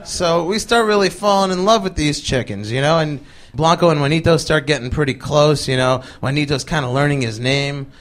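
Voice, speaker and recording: A male comedian telling a loose, chatty story on stage in live comic style, with lots of fillers and quick voices for the people he quotes, and an audience laughing along. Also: fairly high pitch, a bit bright.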